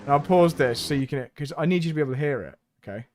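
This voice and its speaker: A man's voice: a little high, lively intonation, very fast, a little hiss or hum. A man chatting casually to his viewers while he drives in a racing simulator on a live stream, laughing easily as he talks.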